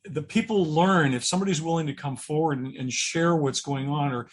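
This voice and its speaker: A middle-aged man, a guest coach in an interview, talking earnestly and often restarting his words as he thinks. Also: on the high side. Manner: earnest, halting, repeats words while thinking. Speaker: guest, purpose coach and speaker. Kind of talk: interview conversation.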